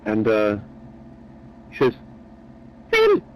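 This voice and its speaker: A low-pitched man tells a joke in a chatty, meandering way, often repeating himself, with a steady tone and a slightly slow pace. The lo-fi recording is dull, and a faint engine hum runs behind him.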